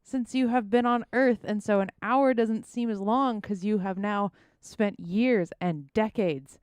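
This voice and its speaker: Smooth-voiced wry woman co-host. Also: mid-range voice, a little slow, darkish tone, dry recording. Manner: wry, teasing. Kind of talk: casual livestream chat.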